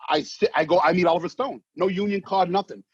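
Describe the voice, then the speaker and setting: A man, an actor telling stories in a casual interview, animated and swearing, acting out voices. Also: high-pitched, fast, slightly rough, no echo. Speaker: actor guest. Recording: dull muffled sound, dry.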